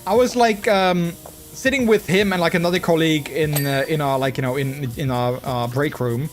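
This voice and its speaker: Man, live streamer, slightly high voice, rambling chatty talk, hiccups, faint music behind. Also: normal speed. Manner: rambling, chatty storytelling with many restarts. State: has the hiccups. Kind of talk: casual live-stream chat.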